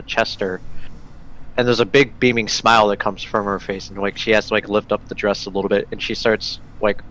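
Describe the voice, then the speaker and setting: A man narrating as game master of a tabletop game, his voice sitting low. He describes the scene loosely, with lots of filler words along the way. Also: fairly bright tone, poor audio.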